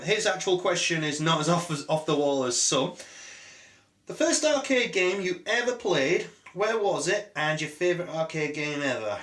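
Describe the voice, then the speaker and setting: A young British man with a sore throat and a cold, answering viewer questions in a rambling, jokey, deadpan way with many ums. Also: fairly high pitch. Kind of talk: rambling casual Q&A.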